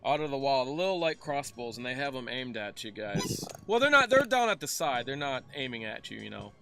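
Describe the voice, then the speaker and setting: Halting young man running a tabletop game. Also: mid-range voice, sing-song, vocal fry. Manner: halting, many fillers and restarts. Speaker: game master.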